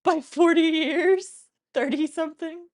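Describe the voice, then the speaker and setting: A woman's voice: extremely high pitch, steady tone, a little slow. A woman in her thirties chatting casually while hosting a cooking livestream, rambling and laughing often. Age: 30s. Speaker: cooking show streamer.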